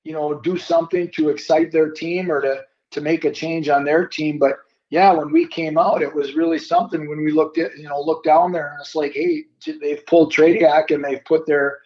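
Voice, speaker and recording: An older man looking back in an interview, speaking in a measured, searching manner with a fairly high voice. The recording is dull and lo-fi. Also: a little mellow. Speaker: former hockey player. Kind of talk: reflective interview.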